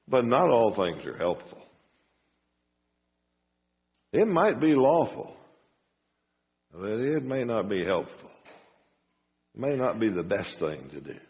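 A pastor giving a conversational sermon full of rhetorical questions and a folksy manner. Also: male voice, fairly low pitch, sing-song, measured pace, long pauses. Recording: muffled sound with long reverb.

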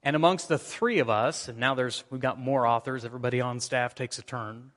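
A man's voice: mid-range voice, fairly quick, a bit bright. A man preaching a sermon, reading scripture aloud and drawing in his congregation. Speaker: pastor. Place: church sanctuary. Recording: church sanctuary reverb.

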